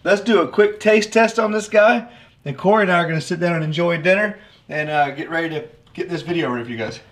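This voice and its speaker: A middle-aged man who runs a fishing channel hosts a casual cooking vlog from his home kitchen, talking directly to viewers in a folksy, upbeat way. His voice is high, a little fast, with fairly even intonation.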